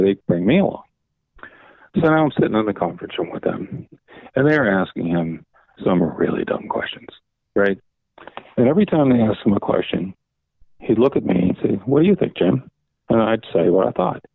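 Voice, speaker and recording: A man's voice: on the low side, creaky, dry recording. An older man, a guest on an interview podcast, telling rambling anecdotes, often circling back with "so anyway" and acting out what others said. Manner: rambling anecdotes, repeats "so anyway", acts out quoted dialogue. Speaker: guest, veteran comics editor. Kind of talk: casual interview storytelling. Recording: dry tinny phone-like line.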